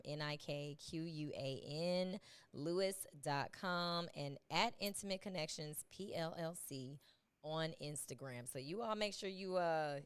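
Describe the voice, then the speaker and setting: A woman's voice: deep voice, clean tone. A woman hosting a podcast interview, playful and emphatic, in casual chat. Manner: lively, playful, emphatic with "listen" and "okay". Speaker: podcast host.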